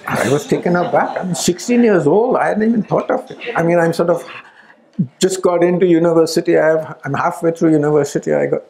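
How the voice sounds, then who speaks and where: An older man in his seventies, voice gravelly with fry, pitched a little high for a man. He tells a personal story to a gathering in an animated, quick way, acting out the quoted exchanges. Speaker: speaker at a spiritual gathering. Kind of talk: storytelling talk.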